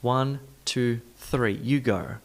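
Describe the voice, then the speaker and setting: A man teaching an online English pronunciation lesson, saying practice sentences slowly and repeating stressed words to the learner in an encouraging way. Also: medium pitch. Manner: encouraging, talks straight to the learner.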